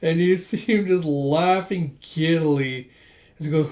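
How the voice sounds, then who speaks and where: A man's voice: a little high, measured pace, a little mellow. A man casually reading a manga volume aloud, recapping the story and lightly voicing the characters' lines. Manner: chatty recap, "it's like" before each quoted line, light voicing.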